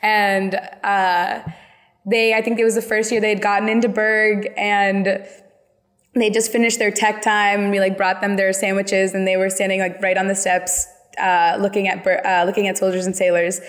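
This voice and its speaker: A woman hosts a casual podcast chat, telling stories in a chatty, rambling way. Her voice sits at an ordinary middle pitch. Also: level tone, moderate pace, long reverb tail. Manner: chatty, heavy use of "like" fillers. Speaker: podcast host.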